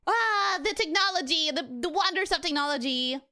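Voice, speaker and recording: A woman streaming a video game, talking casually and excitably with frequent swearing. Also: extremely high pitch, moderate pace. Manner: excitable, animated, swears freely. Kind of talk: casual game livestream commentary.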